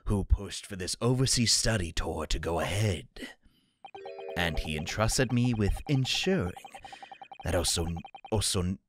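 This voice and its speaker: A man voicing a guilt-ridden soldier in a video game playthrough, speaking slowly and heavily. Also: low voice, expressive, voice pushed down. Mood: solemn. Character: gruff male Japanese soldier, guilt-ridden and solemn.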